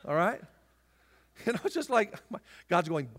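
A man preaching a sermon as pastor, emphatic and repetitive, rising to shouts and dropping into jokey asides. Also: high-pitched, animated, slow pace, gravelly, pauses often. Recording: long hall reverb.

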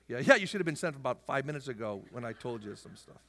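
A man preaching a sermon as pastor, emphatic and repetitive, rising to shouts and dropping into jokey asides. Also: mid-range voice, expressive, a little fast, vocal fry, pauses often. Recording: long hall reverb.

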